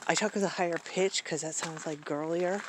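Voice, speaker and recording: A woman's voice: fairly low pitch, steady tone, moderate pace, background noise. A middle-aged woman from Maine, talking outdoors in the woods in a reflective, hesitant monologue full of ums and restarts. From Maine, USA. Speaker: vlogger.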